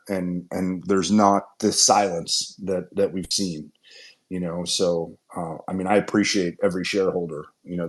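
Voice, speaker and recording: A man, a company executive, hosting a casual shareholder Q&A and talking in earnest, upbeat run-on sentences with frequent restarts. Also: low-pitched. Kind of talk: casual conference-call Q&A.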